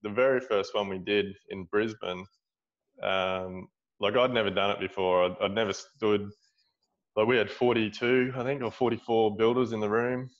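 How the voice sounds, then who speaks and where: A man's voice: lowish voice, steady tone, moderate pace, muffled recording. A middle-aged Australian man, a builder, telling a story in a casual interview, rambling with many restarts. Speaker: guest, builder running seminars.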